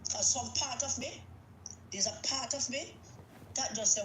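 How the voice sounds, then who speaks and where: A woman's voice: on the high side, a little slow, fairly bright tone, roomy sound, slight background noise, low-quality recording. A woman with a Jamaican accent delivering an angry, emphatic political rant, repeating herself for force. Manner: agitated, emphatic, repetitive. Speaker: political commentator.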